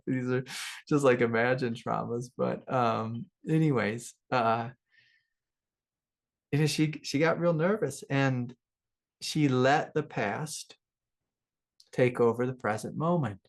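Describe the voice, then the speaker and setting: A middle-aged man, a spiritual teacher, telling a personal story in a relaxed, rambling way with many fillers and soft laughs. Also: mid-range voice, measured pace, creaky. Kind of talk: relaxed satsang talk with personal stories.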